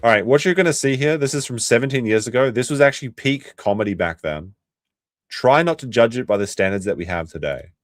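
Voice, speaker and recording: A man streaming live, reacting to a video with sarcastic, animated commentary and some swearing. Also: medium pitch, fairly quick.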